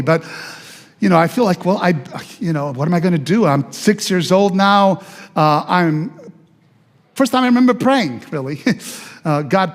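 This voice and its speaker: In a church sanctuary with big-room acoustics, a male pastor from Italy shares his life story as a sermon. His voice sits high, and he speaks conversationally, adding asides to the congregation.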